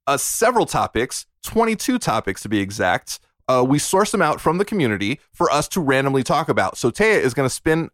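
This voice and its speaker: Animated, joking man hosting a podcast. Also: medium pitch, no echo, studio quality. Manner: playful, teasing, self-deprecating banter. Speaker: podcast host. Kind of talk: casual podcast chat.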